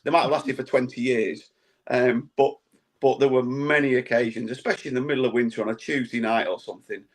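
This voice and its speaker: Relaxed man reading listener comments. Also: mid-range voice, brisk. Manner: relaxed, reads out listener comments with dry asides. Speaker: podcast host. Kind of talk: casual football chat.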